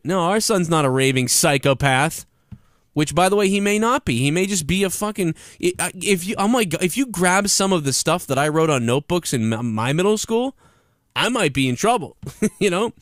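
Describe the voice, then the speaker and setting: A man's voice: fairly high pitch, no echo, studio quality. A man giving heated, profane commentary on wrestling news in a vlog-style rant.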